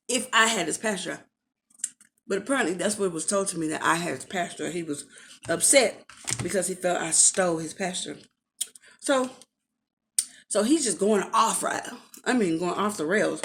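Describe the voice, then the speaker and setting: A woman, casually telling a storytime, animated and acting out the quotes. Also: medium pitch, normal speed, a little hiss or hum. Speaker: storyteller vlogger.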